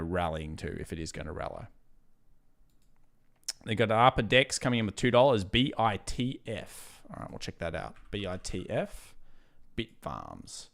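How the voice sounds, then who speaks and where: A man talks through stock charts on a live stream in a low, resonant voice. He keeps it casual and conversational, often breaking off into worked-up rants before settling back into his analysis. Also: a bit bright. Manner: casual, chatty, drifts into fired-up rants. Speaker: trading livestream host. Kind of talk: live market chart commentary.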